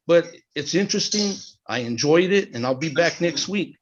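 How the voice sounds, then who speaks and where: A middle-aged man sharing in a support group over a video call, talking haltingly with many fillers and restarts. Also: a little high, a little hiss or hum. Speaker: group participant. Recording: slightly dull video-call audio.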